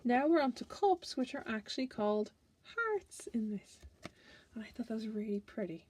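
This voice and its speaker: A woman's voice: on the high side, big pitch swings, moderate pace, a little mellow, breathy edge. A woman tarot reader chatting casually through a card deck, playful and giggly.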